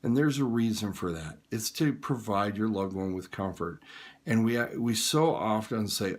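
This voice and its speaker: A man's voice: on the low side, moderate pace. A man giving frank, plain-spoken advice on caring for dying relatives in an informal talk. He sounds tired late at night. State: tired and yawning. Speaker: hospice care advisor.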